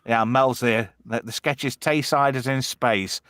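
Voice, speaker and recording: A man's voice: medium pitch, fairly even intonation, unhurried, fairly bright tone, smooth, no echo, studio quality. A man co-hosting a casual live stream, telling bawdy stories and reading chat comments aloud. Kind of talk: casual banter.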